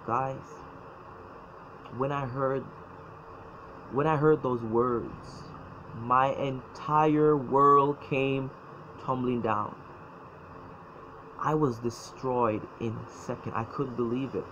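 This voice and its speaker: A man telling his personal faith story, halting and emotional, often repeating words as he speaks. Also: medium pitch, fairly even intonation. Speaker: former church member telling his story. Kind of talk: personal testimony. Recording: dull lo-fi sound, faint noise.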